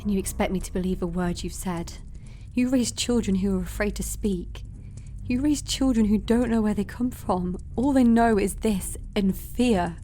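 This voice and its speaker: A woman's voice: medium pitch, normal speed, warm tone, natural voice. A woman playing a defiant young orphan in a tabletop game, confrontational and demanding answers.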